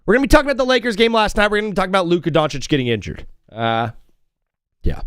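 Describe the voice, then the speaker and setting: Excitable high-voiced sports talk host. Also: male voice, very fast, clean tone, no echo, studio quality. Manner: excitable, rambling, jokey. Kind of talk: casual live sports talk.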